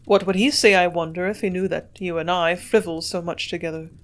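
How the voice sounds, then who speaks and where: A woman reading the part of a lovesick young gentleman in an audiobook, pressing his questions earnestly. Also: fairly low pitch, steady tone, a little fast, lightly acted.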